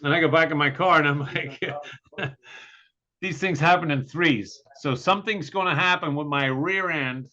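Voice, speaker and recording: A man tells a story in a podcast chat, bright and forceful, and he acts out every quote with a lively voice. His voice sits a bit high and comes through dull and lo-fi. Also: moderate pace. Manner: animated, acts out quotes and laughs often. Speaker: podcast co-host. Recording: dull lo-fi sound.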